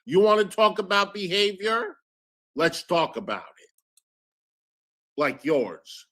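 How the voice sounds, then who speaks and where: A male streamer with a lively, swooping voice that sits a bit high for a man. He jabs with sarcasm in a heated argument. He also reads out donor thanks in a syrupy way. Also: slow pace. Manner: sarcastic, combative, switching to sugary thanks for donors. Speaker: streamer host.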